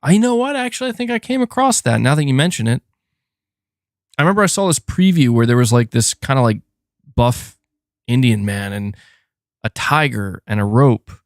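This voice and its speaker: A man hosting a casual gaming live stream, reading and answering super chats in a chatty, animated way with frequent fillers. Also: mid-range voice, moderate pace, pauses often, dry recording, clean studio sound. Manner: chatty and animated, thanks donors, frequent fillers and self-corrections. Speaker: gaming channel host.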